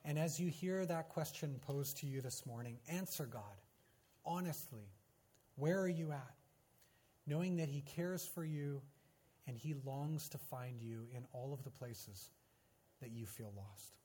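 A man preaching a sermon as pastor, telling a personal story with earnest emphasis and quiet, hushed phrase endings. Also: medium pitch, measured pace, husky.

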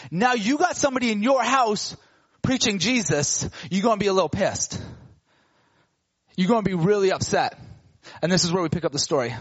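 Animated high-voiced male preacher. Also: a little fast, breathy edge, muffled recording. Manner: animated, acts out characters in casual slang. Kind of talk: sermon storytelling.

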